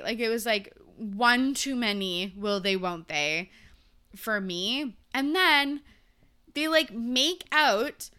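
Bright, gushing young woman vlogger. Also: on the high side, clean tone. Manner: chatty, gushing, swears freely, many fillers. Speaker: vlogger reviewing a TV season. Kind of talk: casual chat.

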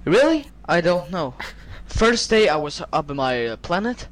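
An awkward talking hedgehog from another planet, voiced by a young amateur in a homemade cartoon. The lines come out stilted and unsure, with a lively, bouncing pitch. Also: male voice, normal speed. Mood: bewildered. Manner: stilted, amateur line reading.

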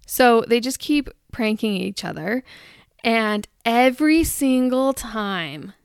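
A woman's voice: fairly high pitch, expressive, slow pace, clean tone, dry recording, clean studio sound. A woman hosting her own show, chatting and ranting in a rambling, amused, exasperated way. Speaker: host. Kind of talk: casual chat rant.

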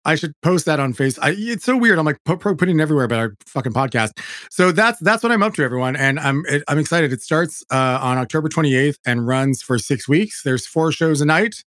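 A man hosting a podcast, talking in an animated, chatty way that keeps breaking off and restarting. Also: fairly high pitch, fairly quick, dry recording, studio quality. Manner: animated, self-interrupting, chatty. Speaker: podcast host. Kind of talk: casual chat.

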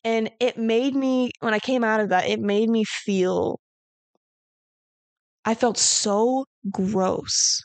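A woman's voice: fairly high pitch, steady tone, takes it slowly, dry recording. A young woman hosting a podcast, telling a personal story in a candid, rambling way with lots of "like". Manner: candid, rambling, heavy use of "like". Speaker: podcast host.

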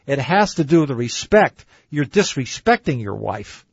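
Male talk radio host, opinionated, a bit husky, dry dull lo-fi sound. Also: medium pitch, sing-song, normal speed, no echo. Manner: opinionated, reads book passages and argues against them. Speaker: dating advice radio host. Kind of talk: radio talk show commentary.

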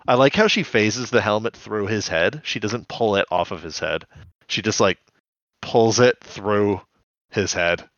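A man's voice: on the low side, fairly bright tone, dry recording, highs cut off. A man co-hosting a podcast, casually recapping scenes in a chatty way. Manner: chatty, recounts scenes with quick quoted voices. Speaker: podcast co-host.

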